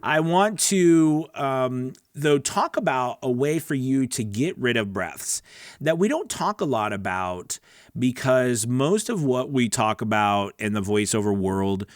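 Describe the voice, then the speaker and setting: A man's voice: medium pitch, lively intonation, measured pace, dry recording, clean studio sound. A man coaching voice actors in a casual, earnest teaching talk, chatty and often checking in with "right?". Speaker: voice-over coach.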